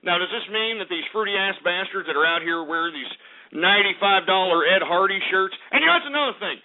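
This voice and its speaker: A man hosts a radio show in a fairly high voice, ranting through commodity prices with crude insults. He keeps breaking off into exasperated muttered asides. The audio is narrow and tinny, like a phone line. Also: lively intonation, fairly quick. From Texas. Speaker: radio host. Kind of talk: abrasive comedic market rant.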